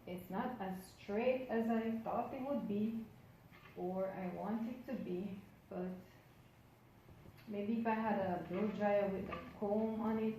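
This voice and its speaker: A woman vlogger chats her way through a how-to in a mellow, relaxed voice. Her words bounce around a very echoey room, with a faint hum of room ambience behind her. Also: medium pitch. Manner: chatty, addresses viewers while working. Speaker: hair vlogger. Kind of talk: casual how-to narration.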